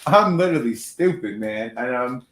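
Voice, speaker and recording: A man's voice: medium pitch, animated, normal speed, fairly bright tone, reverberant, slight background noise. A man plugging his merch and joking crudely during a casual live-stream chat. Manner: loose and crude, joking, trails off. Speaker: guest.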